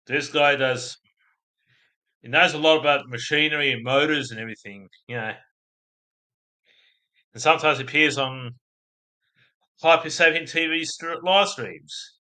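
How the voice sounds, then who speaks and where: A man's voice: fairly high pitch, a little slow, pauses often, bright, forceful tone. A man with an Australian accent, hosting a casual livestream and chatting with his viewers in a rambling way. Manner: rambling, chatty, laughs at chat. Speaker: livestream host.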